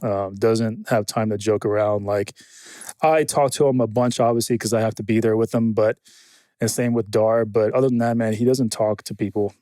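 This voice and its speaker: A man in a casual podcast interview, telling animated stories, swearing freely and quoting other people. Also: on the low side, moderate pace, dry recording. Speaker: guest, military film consultant.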